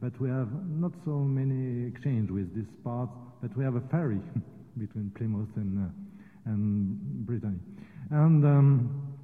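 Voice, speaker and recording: A man's voice: mid-range voice, unhurried. A man with a French accent, a native French speaker, giving a hesitant conference presentation as a university vice rector. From France. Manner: hesitant, non-native phrasing, many fillers. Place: conference room. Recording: echoey hall over a tinny phone-like line.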